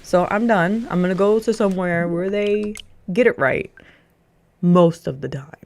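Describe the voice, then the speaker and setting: A young woman streamer chatting casually with her live audience. Her voice sits a little low, and she rants her way through a story with frequent laughs. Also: unhurried, darkish tone. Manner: ranting storyteller, laughs often.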